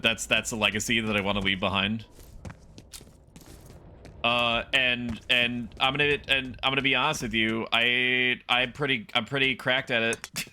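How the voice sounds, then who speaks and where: A young man streaming a horror shooter, chatting casually and breaking into loud, disbelieving yelps. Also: lowish voice, a little hiss or hum. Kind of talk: casual game stream commentary.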